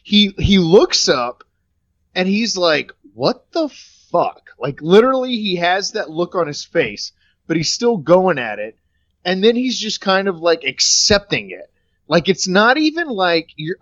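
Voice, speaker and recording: Lively higher-voiced man, lo-fi sound. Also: measured pace, no room sound. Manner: lively, offers his own take, hedges and restarts. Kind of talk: casual chat. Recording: dull lo-fi dry audio.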